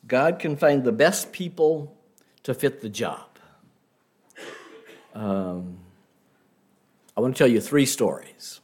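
A man preaching a sermon, telling stories in an unhurried way and asking the listeners rhetorical questions. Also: medium pitch, a little mellow.

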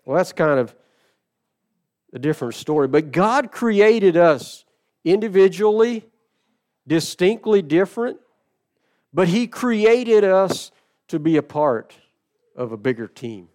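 A middle-aged man delivers a sermon from the pulpit. His voice sits a little high for a man and stays smooth and resonant. He tells stories with dramatic drops to near quiet and bursts of loud emphasis. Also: expressive. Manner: storytelling with dramatic shifts in loudness and slow emphatic phrasing. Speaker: pastor.

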